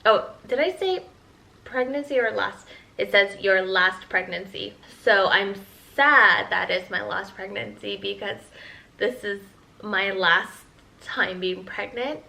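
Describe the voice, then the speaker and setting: A woman's voice: medium pitch, takes it slowly, gravelly, pushed and bright, rough recording. A pregnant woman in her thirties, a mom vlogger chatting candidly with her viewers in a casual Q&A update.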